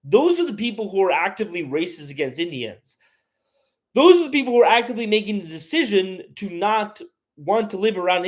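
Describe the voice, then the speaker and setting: A man hosting a casual live stream, rambling and opinionated as he reads chat aloud and answers it. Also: high voice. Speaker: livestream host.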